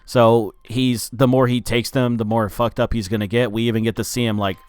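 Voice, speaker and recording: Smooth-voiced man, loose profane film recap. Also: mid-range voice, flat delivery, a little fast, darkish tone, no room sound. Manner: loose and profane, lots of "like" and "uh" fillers. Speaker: movie reviewer. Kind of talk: casual spoken film review.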